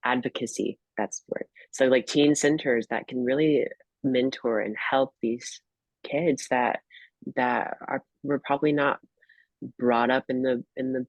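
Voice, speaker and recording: A man's voice: mid-range voice, no room sound, low-quality recording. Young man, tarot reader, hesitant, many fillers, casual chat, dry close recording. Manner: hesitant, restarts, lots of "like" and "um".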